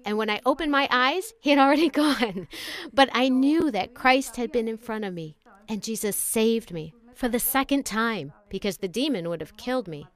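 A woman's voice: fairly high pitch, moderate pace. Earnest woman giving a faith testimony. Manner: earnest and emotional, addresses listeners as brothers and sisters.

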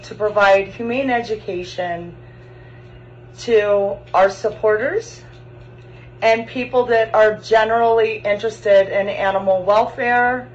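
A woman speaks with earnest, heartfelt gratitude as the co-founder of an animal sanctuary. Her voice sits at a middle pitch. A faint hiss of noise runs underneath. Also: highs cut off. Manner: emotional, grateful, earnest. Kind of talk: heartfelt address, then outdoor tour.

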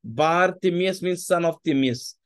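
A man's voice: on the high side, measured pace, clean tone. A man preaching a sermon, emphatic and repeating his phrases, with Hindi asides.

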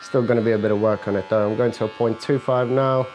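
A barber with a lowish, fairly even voice talks fast and a little mellow as he narrates a haircut, explaining things easily and joking with his client. It's indoors at a barbershop, with electric clippers buzzing, faint music behind, and a rough recording.

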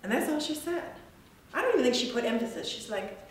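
A woman's voice: high-pitched, very animated, a little fast. A woman giving a casual, reflective gallery talk about her weaving, rambling and laughing often. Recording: echoey room from a distance, faint noise.

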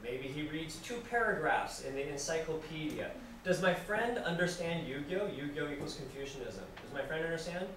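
Male lecturer, somewhat high voice, animated and repetitive, teaching language learners; recorded far off in a very echoey classroom with noise. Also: normal speed, hardly any pauses. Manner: animated, acts out examples and asks the class questions; speaks simply and repeats phrases for language learners. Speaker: university lecturer. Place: classroom with students.

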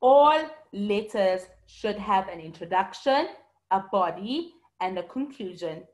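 A woman's voice: medium pitch, animated, takes it slowly. A woman teacher giving an online lesson, patiently explaining and answering students by name. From South Africa.

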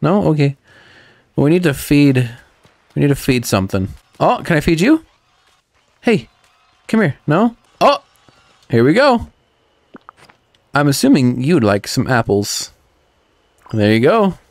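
A man commenting excitedly on a cozy video game, talking sweetly to the characters. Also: a little high, measured pace, pauses often, no room sound. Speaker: gaming channel host. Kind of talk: let's play commentary.

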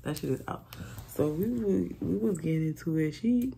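Woman, casual storytime vlog, very gravelly fry, candid and profane, faint background hiss. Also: low voice, expressive, normal speed, warm tone. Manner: candid, swearing, repeats herself, quotes friends dramatically.

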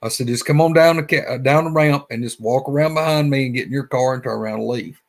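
A man's voice: mid-range voice, fast talker, gravelly. A man with a Southern Alabama accent, telling a story in a rambling, folksy way. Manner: rambling, folksy, repeats himself. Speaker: guest. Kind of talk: casual storytelling.

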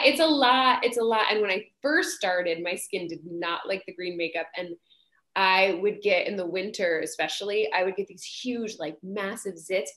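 A woman in her thirties, a stage actress, telling a casual, animated story full of fillers and acted-out voices. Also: mid-range voice. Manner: animated, chatty, acts out quoted voices, many fillers. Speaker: Broadway actress guest. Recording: roomy echo.

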